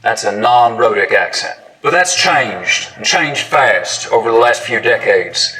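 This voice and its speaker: A man's voice: medium pitch, animated, unhurried, sharp tone, soft background music, poor audio. A man, an accent expert, giving scripted educational narration and modelling sounds and words aloud.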